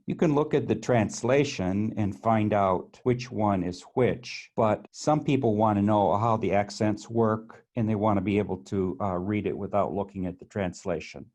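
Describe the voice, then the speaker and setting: A man with a lowish voice teaches grammar from tables he points at. He talks methodically and often restarts his phrases. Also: mellow. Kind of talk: explaining on-screen tables.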